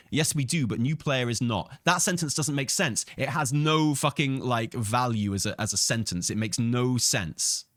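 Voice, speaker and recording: A man's voice: mid-range voice, fairly bright tone, no room sound, clean studio sound. A man hosting a casual gaming commentary, answering chat messages in a blunt, argumentative, sweary way and often laughing. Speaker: streamer and channel host.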